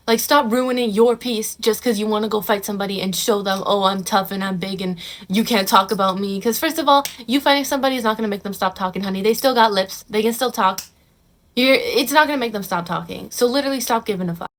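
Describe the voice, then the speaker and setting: A woman's voice: fairly high pitch, fast. A young woman talks straight to camera in a casual advice vlog. She is blunt and sassy, tossing in "honey" and "bro" and swearing without a second thought. Now and then she drops into a mocking voice to imitate the people she is making fun of. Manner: mocks others in quoted put-on voices. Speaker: vlogger giving advice.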